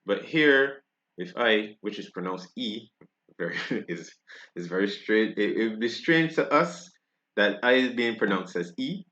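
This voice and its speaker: A Barbadian man talks slowly and carefully through a French pronunciation lesson, often stopping to ask "right?". His voice sits low, and the recording sounds dull and lo-fi. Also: expressive, a bit bright. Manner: unhurried, checks in with "right?" after each point. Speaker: French teacher.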